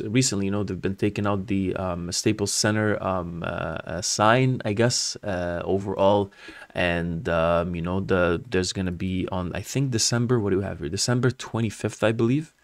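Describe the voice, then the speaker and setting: A man's voice: lowish voice, dry recording. A man hosting his own channel, talking casually through price charts with many fillers, restarts and a habit of saying "man". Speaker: crypto channel host. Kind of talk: casual chart analysis talk.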